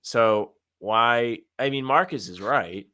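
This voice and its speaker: A man co-hosting a casual sports podcast, talking in an animated, ranting way with some sarcasm. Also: medium pitch, slow. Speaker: podcast co-host.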